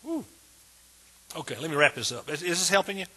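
A pastor with a husky, bright-edged tenor delivers an emphatic sermon. He drives his points home word by word, his voice rising slightly above the usual male range as he builds toward praise. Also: on the high side, sing-song, a little fast. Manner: emphatic preaching, repeats words with rising intensity.

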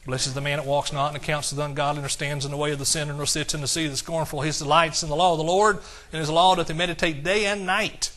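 A male pastor preaching an exuberant sermon, shouting praise and reading scripture slowly and emphatically. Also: a little high, little pitch movement.

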